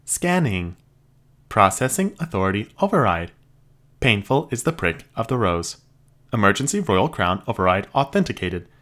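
A woman's voice: extremely low pitch, big pitch swings, moderate pace, a bit bright, heavily acted. A man voicing a prim female security robot that speaks in stiff, formal customer-service phrases. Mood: politely robotic. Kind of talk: audiobook character voice.

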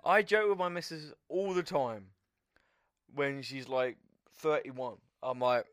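A man's voice: mid-range voice, takes it slowly, fairly bright tone. A man co-hosting a podcast in a studio, chatting casually in sweary, emphatic banter. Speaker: podcast co-host. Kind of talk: casual chat.

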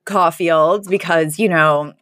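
A woman co-hosting a podcast in a casual chat, chatty and quick to laugh, with lots of "like". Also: on the low side, fairly even intonation, a bit bright, dry recording, studio quality. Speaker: podcast co-host.

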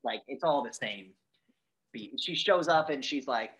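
A man co-hosting a podcast, casually recapping a movie in a rambling, profane way and acting out lines in high voices. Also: animated, measured pace, a bit bright, muffled recording. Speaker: podcast co-host.

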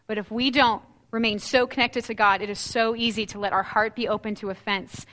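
A woman delivers a sermon with a high, bright voice. She preaches earnestly and expressively, reading scripture aloud and rising on the points she wants to stress. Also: steady tone, brisk. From United States.

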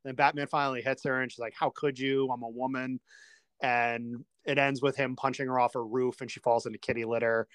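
A man's voice: medium pitch, little pitch movement, fast, few pauses, a bit bright, smooth, dry recording. A man hosting a casual film discussion, chattily retelling scenes and passing the question to his co-hosts.

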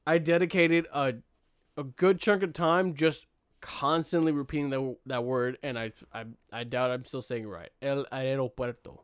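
A man's voice: a little high, steady tone, normal speed, clear, resonant tone, no echo, clean studio sound. A young man hosting a casual podcast, laid-back and self-mocking, with plenty of fillers. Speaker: podcast host.

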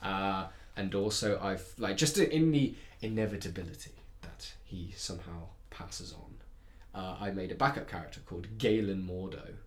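A man co-hosting a podcast, chatting casually in an excitable, rambling way. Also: low voice, moderate pace. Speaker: podcast co-host. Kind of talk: casual chat.

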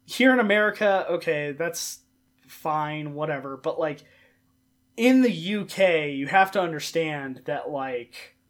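A man's voice: fairly high pitch, animated, unhurried. A man hosting a casual podcast, laid-back, explaining with lots of fillers. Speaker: podcast host. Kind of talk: casual chat.

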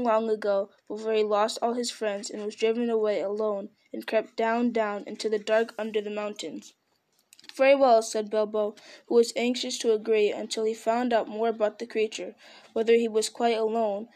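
A woman reading a fantasy storybook aloud, unhurried, with small slips and restarts. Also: on the high side, a little mellow. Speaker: reader.

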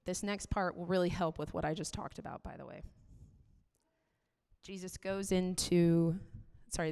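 A woman's voice: on the low side, vocal fry. Woman preaching in a reverberant hall. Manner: conversational, candid, many "like" fillers. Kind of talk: sermon.

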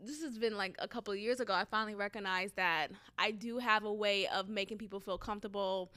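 A woman's voice: mid-range voice, fairly even intonation, fast, pushed and bright. A young woman of Haitian background telling a story in a chatty, casual way, laughing often and swearing freely.

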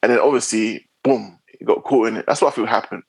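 A man's voice: lowish voice, fast talker, gravelly, breathy edge, dry recording. A young man chatting on a podcast, emphatic and repeating himself to drive a point home. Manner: emphatic and lively, repeating words to make a point. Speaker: podcast co-host. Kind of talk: casual chat.

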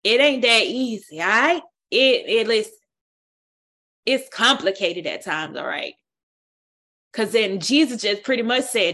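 Woman, Bible study leader, higher pitch, bright voice, exhorting, call and response. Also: expressive, a little slow, long pauses. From United States.

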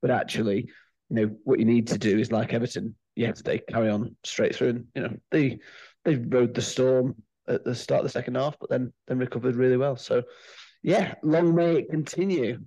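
A man's voice: medium pitch, fairly even intonation, a little fast, mellow, no echo, low-quality recording. A man co-hosting a podcast, chatting casually and briefly about sport. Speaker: podcast co-host. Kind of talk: casual chat.

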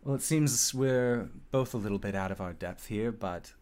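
A man voicing Marissa, a woman blacksmith from the forest, speaking gently and formally. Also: on the low side, normal speed, smooth, lightly acted. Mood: earnest. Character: female elven smith Marissa, earnest and awed.

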